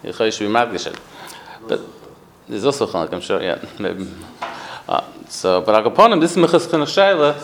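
Man teaching a halting Torah class. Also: on the low side, expressive, a little hiss or hum, poor audio. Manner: halting, with frequent restarts and Yiddish-Hebrew terms. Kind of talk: Talmudic lecture to a study group.

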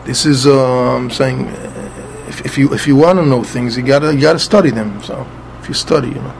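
A man with a mid-range, creaky voice, talking a little fast, teaches a Talmud passage, methodically spelling out Hebrew letters and vowels in Ashkenazi pronunciation. He often repeats words as he explains, and the recording has a little hiss or hum.

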